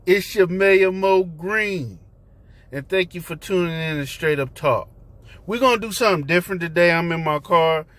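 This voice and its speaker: A man talking straight into the camera from his car, his voice sitting a little high for a man. He is loose and conversational, with plenty of slang and fillers, and sounds preachy when he drives his point home. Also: normal speed, fairly bright tone, no room sound. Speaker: host. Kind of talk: casual talk vlog. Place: inside a parked car.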